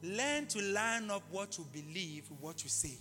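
A man preaching a live sermon in an impassioned way, repeating key phrases and bursting into shouts. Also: high-pitched, expressive, normal speed. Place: large church hall. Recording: live hall reverb with faint music.

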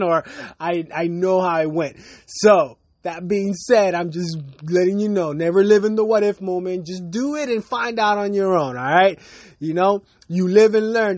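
Podcast host, male, high voice, dry close recording, casual cursing rant with self-mocking laughs. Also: a little mellow, dry recording. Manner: profane, heated, laughs at himself. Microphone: basic home setup, no fancy gear.

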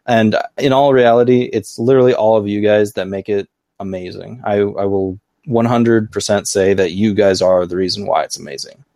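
Lower-voiced man rambling enthusiastically. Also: fairly even intonation, normal speed, few pauses, warm tone, no echo, studio quality. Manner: rambling, thinks aloud with restarts; enthusiastic about the topic. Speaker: podcast co-host. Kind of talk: casual live podcast chat.

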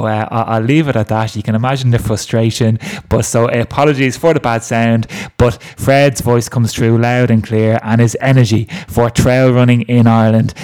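A man hosting a podcast, setting up the week's interview in an upbeat, enthusiastic voice. His pitch sits in the middle for a man, and he delivers the introduction like a script. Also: darkish tone, smooth. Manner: upbeat, enthusiastic praise of the guest. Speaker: podcast host.

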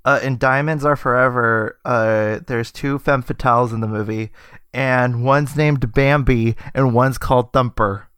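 A man's voice: medium pitch, steady tone, unhurried, a bit bright, clear, resonant tone, no room sound, studio quality. A man co-hosting a casual film podcast, chatty and full of trivia, laughing easily. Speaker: podcast co-host.

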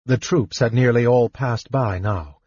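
A man narrating a fantasy audiobook in a measured, expressive storytelling manner. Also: medium pitch, husky, no echo. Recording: dull lo-fi dry recording.

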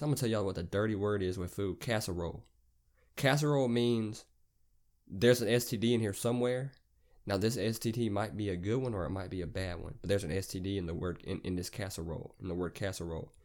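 A young man talking on his own podcast in a low-pitched voice, telling a loose, rambling story. He swears freely and leans on slang, the way you would talk to a friend. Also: a little mellow. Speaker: podcast host. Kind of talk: casual storytelling monologue.

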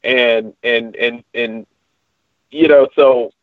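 A man's voice: medium pitch, steady tone, slow pace, no room sound. A man co-hosting a podcast, chatting casually in a rambling way with many fillers and restarts. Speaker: podcast co-host. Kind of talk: casual chat. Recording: tinny phone-like line, dry.

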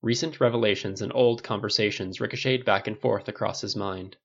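A man reads a fan fiction story aloud in a plain, steady way. His voice has a gravelly fry to it. The recording sounds dull and lo-fi. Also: on the low side, a little fast, few pauses. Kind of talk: audiobook narration.

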